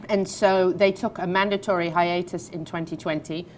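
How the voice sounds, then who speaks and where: A woman's voice: fairly low pitch, steady tone, moderate pace, a little hiss or hum. Chatty English woman hosting a show. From England. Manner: chatty, laughs easily, playful. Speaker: talk show host. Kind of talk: casual chat and news reading. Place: studio.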